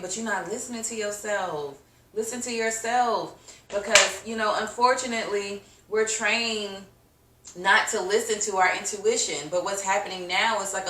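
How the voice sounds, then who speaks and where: A woman's voice: mid-range voice, a bit bright, roomy sound, distant mic. A woman giving a casual tarot reading to her viewers, chatty and slangy, laughing often and acting out reactions. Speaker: tarot reader.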